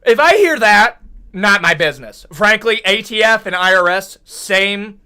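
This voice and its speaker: A young American man speaks unhurriedly in a clean, high-pitched voice. He's a video commentator who rants and jokes in an animated way, loaded with slang like "brother, what?" and mock outrage.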